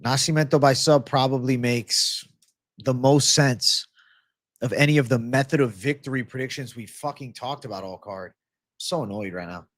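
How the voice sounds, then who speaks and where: A man's voice: mid-range voice, moderate pace, no room sound, studio quality. A man hosting a live-streamed MMA betting show, ranting with profanity to his chat about fight props. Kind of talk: live-stream prop picks talk.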